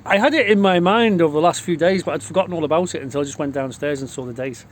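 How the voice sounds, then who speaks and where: A middle-aged man with a Liverpool accent tells rowdy, boastful stories in casual talk, swearing constantly. His voice is a little high and his delivery rapid-fire.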